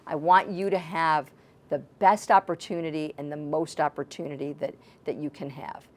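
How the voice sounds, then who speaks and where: A woman's voice: deep voice, steady tone, moderate pace. A woman life coach giving advice on a talk show, earnestly explaining her point with everyday examples.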